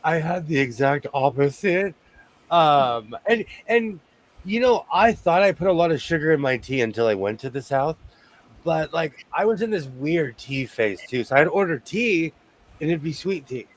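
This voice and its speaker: A man's voice: fairly high pitch, lively intonation, moderate pace. A man from Los Angeles chatting casually as a host, rambling through stories with many restarts. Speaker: sewing show host. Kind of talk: casual chat.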